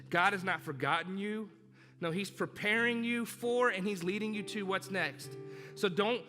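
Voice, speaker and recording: Male pastor, emphatic sermon delivery in a reverberant church with backing music. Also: high voice. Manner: emphatic, repeats key lines, rises to loud urging. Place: church hall.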